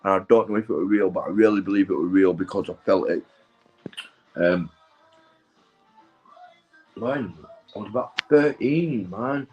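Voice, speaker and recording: A man's voice: deep voice, moderate pace, long pauses, darkish tone, muffled recording, soft background music. A young man, stoned and rambling through a sweary, casual story, checking in with his listener all the time. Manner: sweary, keeps tagging "right?" and "mate". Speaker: vlogger.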